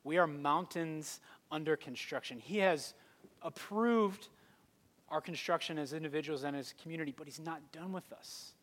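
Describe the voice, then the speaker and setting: A man in his thirties preaching a sermon, telling a family story with a lively, conversational delivery. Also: fairly high pitch, normal speed. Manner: conversational storytelling with rising intensity. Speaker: pastor. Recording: long hall reverb.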